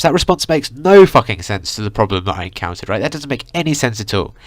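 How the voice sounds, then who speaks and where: A man's voice: lowish voice, big pitch swings, fast talker, hardly any pauses, dry recording. A young man in a heated, profane vlog rant, full of "like" and "you know". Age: young adult. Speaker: vlogger. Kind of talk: ranting vlog monologue.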